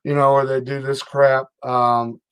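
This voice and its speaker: A man's voice: mid-range voice, flat delivery, measured pace, a bit bright, smooth. A middle-aged man hosting an online stream, rambling through a heated, sarcastic political rant. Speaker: online livestream host.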